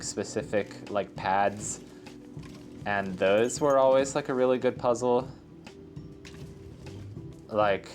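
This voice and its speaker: Low-voiced rambling gameplay commentator. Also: male voice. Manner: rambling, lots of filler words, chatty asides. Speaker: let's play host.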